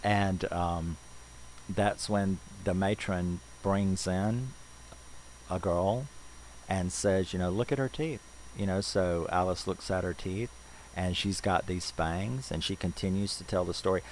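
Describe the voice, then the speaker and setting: Deep-voiced male film reviewer, chatty and rambling, faint hiss on the recording. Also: steady tone, slow pace, low-quality recording. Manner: loose and rambling, full of "you know"s and restarts. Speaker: movie reviewer.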